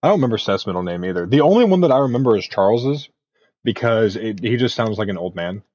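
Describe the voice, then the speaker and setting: A man's voice: lowish voice, quick pace. A young man hosting a podcast, telling stories in casual, profane chat. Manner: profane, animated storytelling. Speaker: podcast host. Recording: muffled lo-fi mic.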